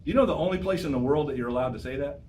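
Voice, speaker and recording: A man lecturing a college class as a professor, energetic and exhorting, repeating his phrases for emphasis. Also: fairly high pitch, very fast, distant mic, slight background noise, poor audio.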